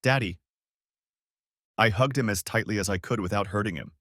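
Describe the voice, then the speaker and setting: A man's voice: lowish voice, quick pace, fairly bright tone, no room sound, clean studio sound. A man narrating a first-person story for an audiobook, in a wry storytelling manner.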